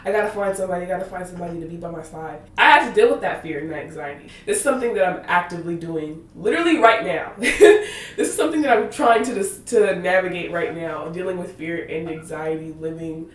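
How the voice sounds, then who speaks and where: A woman's voice: on the low side, fast, far from the mic. A woman in her twenties hosting a faith podcast, rambling and laughing through tangents, close to tears. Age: 20s. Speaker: podcast host. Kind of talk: casual faith podcast monologue. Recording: roomy echo, voice slightly off-mic.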